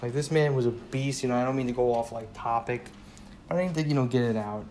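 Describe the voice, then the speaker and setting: A man's voice: medium pitch, quick pace, a little mellow, a little hiss or hum. A man talking alone in a casual sports rant, rambling, repeating "you know" a lot and swearing when he gets worked up. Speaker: sports fan podcaster.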